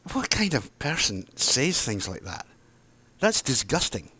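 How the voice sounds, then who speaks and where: A man's voice: medium pitch, very animated, unhurried, pushed and bright, breathy edge. A man, delivering an angry, heated monologue to camera, sarcastic and swearing freely. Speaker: video blogger.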